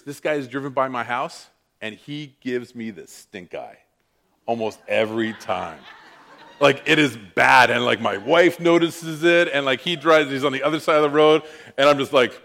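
A man preaching, telling a personal story with lively, self-mocking animation. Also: medium pitch, moderate pace. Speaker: pastor. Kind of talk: sermon storytelling.

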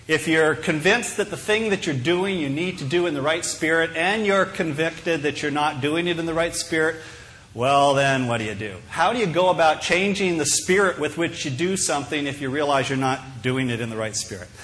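A man's voice: fairly high pitch, moderate pace, a bit bright. A male pastor giving a sermon in a conversational, humorous storytelling way.

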